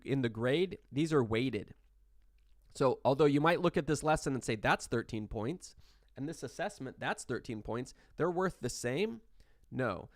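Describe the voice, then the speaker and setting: A man records an online class lecture in a relaxed, conversational way, often restarting his sentences and checking in with his students. His voice has a gravelly, fry-laden edge. The sound is dry and close, with no room around it. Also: mid-range voice, dry recording. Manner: conversational, tag questions, frequent restarts. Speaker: statistics instructor.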